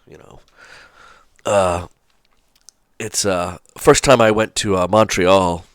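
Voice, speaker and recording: A man's voice: low-pitched, fairly even intonation, slow, clean tone, no room sound, studio quality. A man from hosting a trucking channel, talking in a rambling, folksy way with lots of fillers and asides. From Charleston, South Carolina. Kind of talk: casual rambling commentary.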